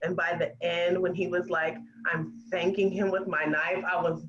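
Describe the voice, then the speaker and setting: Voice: mid-range voice, little pitch movement, normal speed, a bit bright, lo-fi sound. A podcast guest in casual chat, earnest and enthusiastic, speaking over a video call.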